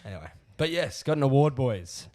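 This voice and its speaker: A man's voice: mid-range voice, sing-song, a little fast, darkish tone. A young Australian man telling a long anecdote on a casual podcast, slangy and laughing as he goes. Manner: laughs through his own story, slangy. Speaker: podcast co-host. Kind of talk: casual storytelling chat.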